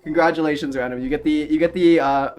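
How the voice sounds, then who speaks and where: A young man chats casually on a live stream, wandering off on tangents, swearing freely and laughing often. His voice is fairly high-pitched and darkish, with a steady tone and a quick pace, and soft music plays in the background.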